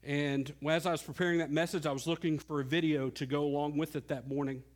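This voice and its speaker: Male pastor, middle-aged, earnest pulpit delivery with sharp dynamic swings, slightly high voice. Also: little pitch movement, fast. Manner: earnest preaching, dropping soft and rising loud. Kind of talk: sermon.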